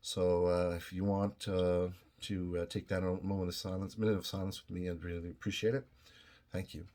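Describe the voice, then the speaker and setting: A middle-aged man from Canada speaks to his viewers in a low, deep voice. He talks slowly and earnestly, full of pauses, fillers and restarts, and he sounds moved. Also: little pitch movement, a little mellow. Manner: halting, many fillers and restarts, emotional. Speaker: video host. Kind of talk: casual direct-to-camera talk.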